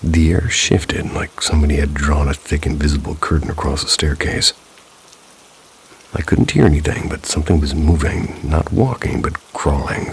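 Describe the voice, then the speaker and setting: A male narrator with a strikingly low, gravelly voice reads eerie first-person stories. He keeps a scripted, measured delivery broken by dry, wry asides. A faint hiss of rain runs underneath. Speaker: storyteller reading viewer stories.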